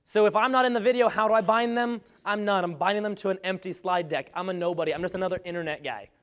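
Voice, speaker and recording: A man with a fairly high voice giving an energetic talk to a live audience. He jokes often and pokes fun at himself as he makes his points. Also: fast talker. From grew up on a farm. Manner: energetic, joking, self-deprecating. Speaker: speaker on webinar marketing.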